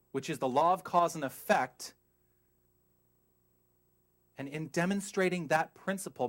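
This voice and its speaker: A middle-aged man preaching a sermon as a minister, emphatic and animated, putting questions to the congregation and wandering off on tangents. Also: medium pitch.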